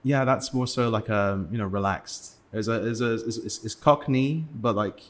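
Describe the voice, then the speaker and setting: A man's voice: medium pitch, moderate pace. A young man from England, a podcast guest, talking casually with many fillers and restarts. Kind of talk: casual interview talk.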